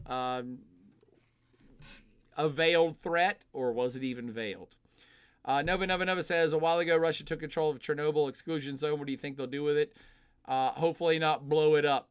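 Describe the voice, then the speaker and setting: A man running a live stream reads viewers' questions aloud and answers them bluntly, off the cuff and full of opinions. His slightly high voice is smooth, clear and steady in tone, and he swears freely and fills pauses with frequent filler sounds. It's casual live-stream commentary.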